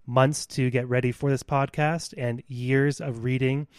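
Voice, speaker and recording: Male podcast co-host, mid-pitch, earnest lecturer, dry close recording. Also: level tone, unhurried, a little mellow, clear, resonant tone, no echo. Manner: earnest, lecturing with scientific detail. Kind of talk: explanatory podcast talk.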